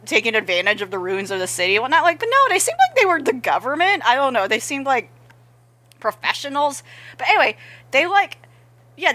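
A woman's voice: on the high side, pushed and bright, no echo. A woman co-hosting a podcast, recapping a show in casual, rambling chat with many restarts. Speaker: podcast co-host. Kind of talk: casual chat about anime.

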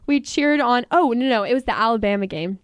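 A woman's voice: a little high, fairly quick, clear, resonant tone, no room sound, studio quality. A young woman from England hosting a podcast in a chatty, casual way, often laughing and saying "like" a lot. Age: young adult. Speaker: podcast host. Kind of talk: casual chat.

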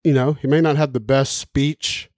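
A man talking on a podcast in loose, profanity-laced rambles, with plenty of emphasis and asides. His voice sits at an ordinary middle pitch. The sound is dry and close, with no room around it. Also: steady tone, normal speed, a little mellow, no echo. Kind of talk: casual podcast chat.

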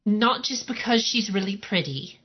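A woman's voice: mid-range voice, expressive, moderate pace, husky. Woman, casual chat, dry humor and frequent swearing, muffled lo-fi sound. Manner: wry, joking, swears casually. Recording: dull lo-fi sound.

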